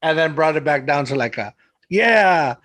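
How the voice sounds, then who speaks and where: This San Antonio, Texas host speaks fast in a fairly high, bright voice with fairly even intonation. On his podcast he tells loose stories in casual chat, using lots of "like" and laughing a lot.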